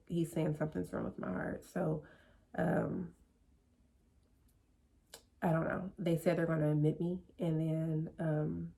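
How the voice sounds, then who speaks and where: Woman vlogger with a low, gravelly voice who tells her own story in a loose, chatty way. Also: mellow. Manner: chatty, full of "like" and "you know". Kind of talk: casual personal storytelling.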